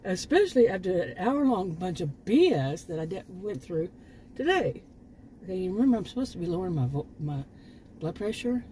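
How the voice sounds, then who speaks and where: Older woman, casual vlog monologue, rambling and frank, low-pitched, faint hiss behind. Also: very animated, brisk, dark tone, rough recording. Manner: rambling, restarts often, frank and exasperated. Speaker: vlogger.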